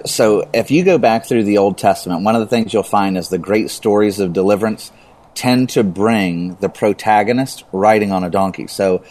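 A low-voiced man teaching about the Bible in a relaxed conversation. He builds momentum as he talks, repeating words for emphasis.

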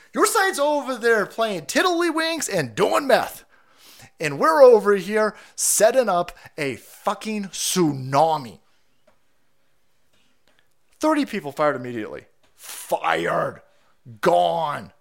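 A man hosting a livestream, delivering an angry, profane political rant with crude mockery. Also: high-pitched. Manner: angry, crude, mocking, rapid-fire. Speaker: livestream host.

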